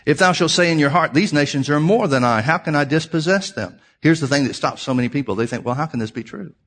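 A man's voice: on the high side, expressive, fast talker, a bit bright. A man preaching a sermon, reading scripture aloud and explaining it, emphatic and repeating key phrases for his listeners.

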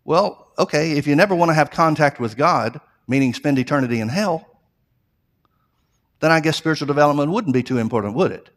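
A man preaches an earnest sermon in a slightly high voice. He restarts his phrases often and builds emphasis as he goes. His delivery is that of a pastor addressing his congregation. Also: lively intonation, fairly quick. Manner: repeats himself, restarts phrases.

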